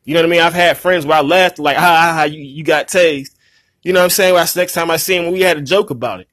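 A young man gives angry commentary straight to his online viewers. His voice sits a bit high, and he hammers his points with repetition and swearing. The recording is dry and close, with no room sound. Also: racing, a bit bright, no room sound. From Pittsburgh, USA. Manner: heated, profane, repetitive, addresses viewers as y'all. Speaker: online newscaster. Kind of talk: angry direct-to-camera commentary.

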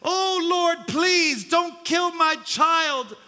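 A man's voice: very high voice, extremely slow, sharp tone, pitched above the performer's own voice, full character voice. A man voicing a desperate mother who begs and sobs for her child's life. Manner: sobbing, frantic pleading. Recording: long hall reverb.

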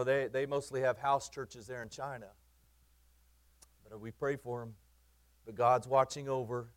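A man's voice: medium pitch, clear, resonant tone. A man preaching a sermon in a conversational, emphatic way, often repeating and restarting phrases, with teasing asides to his congregation. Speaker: pastor.

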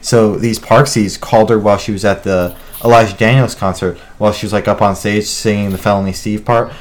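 A man's voice: fairly low pitch, steady tone, brisk. A young man co-hosting a podcast in casual chat, rambling, joking and swearing loosely. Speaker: podcast co-host.

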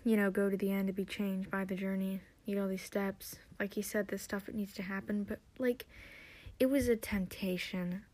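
A young woman hosting a podcast, recapping and theorizing in a chatty, excitable way with lots of fillers. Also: medium pitch, normal speed. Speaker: podcast host.

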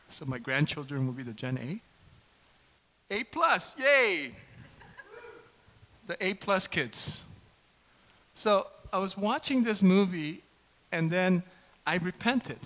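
A man in his fifties preaching a sermon as pastor, conversational and animated, often asking the congregation questions. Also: fairly high pitch, rough recording. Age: 50s.

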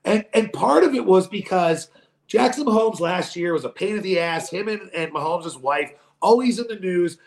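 A man co-hosting a podcast, talking sports in a profane, animated way and acting out quoted voices. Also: high voice, moderate pace, gravelly, reverberant. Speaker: podcast co-host. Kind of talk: casual sports chat.

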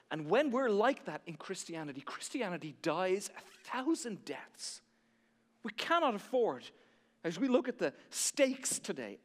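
A man from Ireland preaching a sermon as pastor, telling a story and swinging from hushed passages to emphatic ones. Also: high voice, big-room sound.

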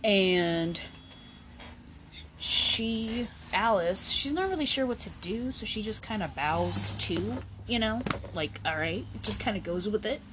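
Slow, easygoing woman host. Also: mid-range voice, animated, background noise. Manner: slangy, swears, many "like" fillers. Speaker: podcast host. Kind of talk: casual storytelling.

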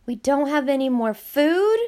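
A woman reading an audiobook, voicing a frightened, hungry young girl on the run, pitched up and pleading, with a gravelly voice. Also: unhurried. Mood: alarmed.

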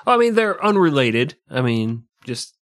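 A man's voice: medium pitch, big pitch swings, normal speed, fairly bright tone, no echo, studio quality. A man co-hosting a comedic history podcast, riffing and joking casually. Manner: jokey, riffing, laughs often. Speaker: podcast co-host.

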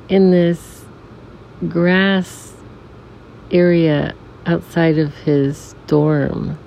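A middle-aged woman telling a reflective personal story as a podcast guest, softly and haltingly, with many restarts and some near-whispers. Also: sits low, vocal fry. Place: room in a family home. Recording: dull recording with faint air conditioner hum. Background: air conditioner hum.

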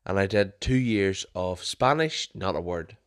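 A man's voice: sits low, lively intonation, a little slow, clean tone. A young man hosting a podcast, telling stories in a casual, rambling way with frequent restarts and self-corrections. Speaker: podcast host.

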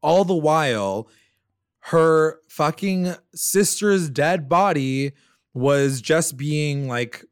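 A man's voice: a little high, very slow, clean tone, dry recording, studio quality. A man co-hosting a podcast, recapping a TV episode in casual chat, rambling with lots of fillers and swearing. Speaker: podcast co-host.

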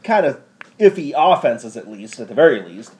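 A man's voice: mid-range voice, sing-song, normal speed, darkish tone. A man co-hosting a sports podcast, chatting casually in a laid-back way. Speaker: podcast co-host.

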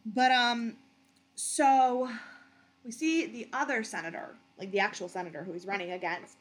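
A woman's voice: a little high, moderate pace, a little hiss or hum. Chatty rambling woman podcast host. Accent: Western New York. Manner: rambling, self-deprecating. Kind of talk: casual chat.

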